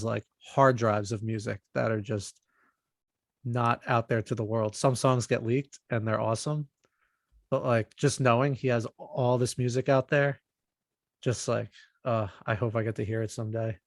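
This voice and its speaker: A man's voice: mid-range voice, fairly even intonation, moderate pace, no room sound, studio quality. A man co-hosting a podcast in casual, upbeat chat, with a self-joking manner. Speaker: podcast co-host.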